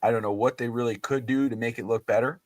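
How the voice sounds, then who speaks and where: A man hosting a casual sports talk show, animated and opinionated, with many fillers and restarts. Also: medium pitch, fast, noisy background. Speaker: podcast host. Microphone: livestream mic.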